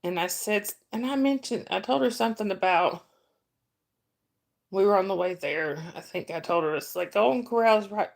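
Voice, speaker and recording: A woman's voice: medium pitch, normal speed, vocal fry. A woman from North Georgia with a Southern accent, chatting on a casual livestream, greeting viewers by name and laughing often. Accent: Southern American. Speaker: livestream host. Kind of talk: casual live-chat stream.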